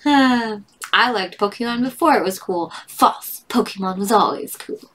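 A woman's voice: medium pitch, measured pace, fairly bright tone. Giggly woman chatting over memes. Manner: giggly, laughs often between comments; self-deprecating, chatty asides. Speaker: meme reader. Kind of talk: casual chat reading memes aloud.

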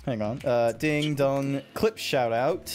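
A man's voice: medium pitch, takes it slowly, darkish tone, slight background noise. A man streaming a kart racing game, chatting casually and playfully with friends. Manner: playful, giggly, swears casually. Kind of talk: casual chat while gaming.

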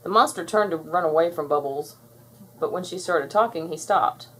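A woman narrating a children's storybook aloud in an expressive, clear storytelling manner. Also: fairly low pitch, moderate pace, rough recording. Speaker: storybook reader.

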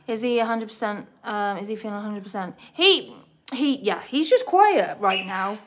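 Her medium-pitched voice is expressive and moderately paced as this British woman talks casually with viewers on a live chat. She owns a pet bird and keeps telling it off mid-conversation, while its loud squawking and clicking fill the background.

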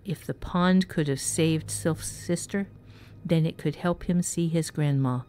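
A woman narrating a dark fantasy story in a measured, even way. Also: low voice. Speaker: story reader. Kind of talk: scripted narration.

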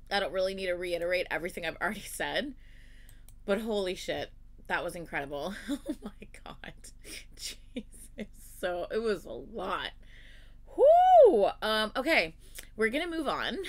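A woman offers casual commentary as she reacts to music videos, her medium-pitched voice effusive and full of exclamations. She swings between loud gushing and quiet murmurs.

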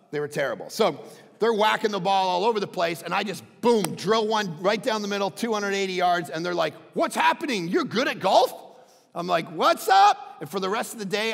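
Animated high-voiced pastor with gravelly edge. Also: male voice, in a large hall. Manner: animated, acts out dialogue in quick bursts. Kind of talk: sermon storytelling. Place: large church hall.

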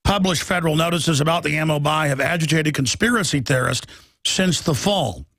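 A male radio talk show host giving an emphatic, mocking political monologue that rises toward shouting. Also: a little high, fairly quick, no echo, studio quality.

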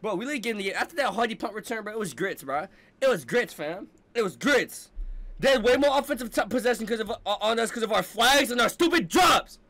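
High-pitched, ranting young man. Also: lively intonation, quick pace, bright, forceful tone. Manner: heated, slangy, repeats himself with "bro" and "fam". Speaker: sports fan reaction host. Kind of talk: ranting sports reaction.

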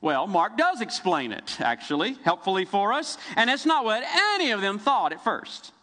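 A middle-aged man preaching a sermon, telling the story vividly with dramatic pauses. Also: sits high, sing-song, bright, forceful tone, in a large hall. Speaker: pastor. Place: church sanctuary.

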